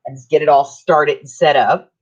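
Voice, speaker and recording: A woman's voice: low voice, fairly even intonation, moderate pace, husky. A middle-aged woman, chatting casually while crafting on a livestream, teasing and laughing often. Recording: dull lo-fi stream audio.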